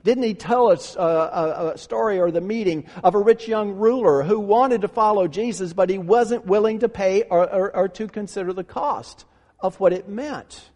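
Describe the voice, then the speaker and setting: Guy preaching a sermon, kinda high voice, pounds on his points, big church echo. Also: normal speed, a little mellow. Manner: emphatic preaching, repeats key phrases and asks rhetorical questions. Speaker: pastor.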